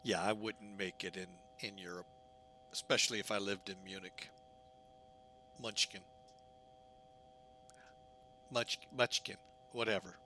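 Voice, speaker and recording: A man's voice: low voice, little pitch movement, brisk, bright, forceful tone, slight background noise. A man giving casual, jokey commentary while setting up a flight simulator, often poking fun at himself. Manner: chatty, jokey, self-mocking.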